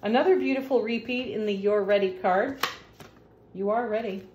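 A woman's voice: mid-range voice, muffled recording, slight background noise. A woman reading tarot cards in a casual, gushing way, laughing often. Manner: slow, warm-hearted, laughs often, gushing about the cards. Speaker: tarot reader. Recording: echoey room.

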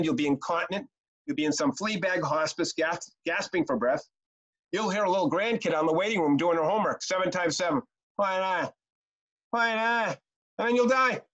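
A middle-aged man leading a training webinar, telling stories and chanting short rhymes with lots of energy. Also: on the high side. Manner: animated, chanting rhymes, storytelling. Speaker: youth care trainer. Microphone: video call. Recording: dull lo-fi webinar audio.

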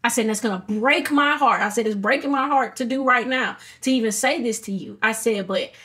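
Outspoken Southern woman, high voice. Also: fairly quick, fairly bright tone. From Alabama, US. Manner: outspoken, emphatic, swears freely. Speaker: podcast guest. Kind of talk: casual conversation.

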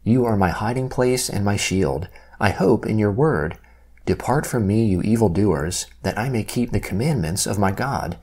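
A man reading Bible passages aloud in a measured, steady way, giving the quoted lines only a light lift. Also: on the low side, breathy edge. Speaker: Bible reader.

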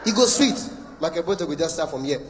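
A man with a Nigerian accent doing fast, animated stand-up that keeps breaking into song, recorded live in a large concert hall. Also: fairly high pitch, a little hiss or hum. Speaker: stand-up comedian. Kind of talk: stand-up comedy with Pidgin asides. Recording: echoey hall, live show.

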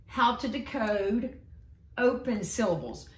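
A woman reading teacher tutoring one-on-one, explaining slowly and clearly and encouraging her student. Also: a little high, lively intonation, a bit bright. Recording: echoey room.

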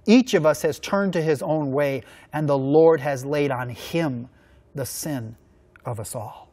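A middle-aged man, a youth minister, preaching a sermon with earnest storytelling that drops low and slow for emphasis.

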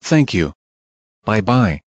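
A man's voice: on the low side, sing-song, takes it slowly, no room sound, dull audio, exaggerated voice. A man voicing a spiteful male cartoon bear who taunts in blunt, short sentences. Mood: mocking.

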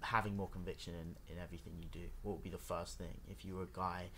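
A man co-hosting a podcast, talking in a relaxed and reflective way. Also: sits low, quick pace. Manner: relaxed, reflective, lots of short agreements. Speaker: podcast co-host. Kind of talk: casual conversation.

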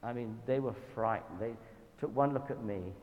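A man with a Southern English accent giving a church talk, telling anecdotes in a lively, self-deprecating way. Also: mid-range voice, normal speed, narrow, tinny audio. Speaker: guest speaker at a church event. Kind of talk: storytelling sermon talk. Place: church hall. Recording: reverberant hall with faint background noise.

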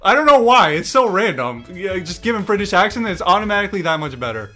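Excitable young man reacting to memes. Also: sits high, fairly quick, few pauses. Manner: excitable, swears, laughs, mock-exasperated. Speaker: YouTube meme reactor. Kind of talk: casual reaction commentary. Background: faint background music.

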